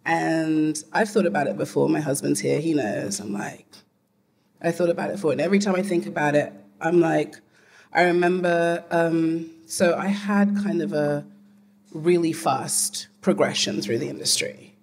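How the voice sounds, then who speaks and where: A woman's voice: sits low, steady tone, moderate pace, creaky. Blunt woman panelist, candid storytelling, swears, faint room noise behind.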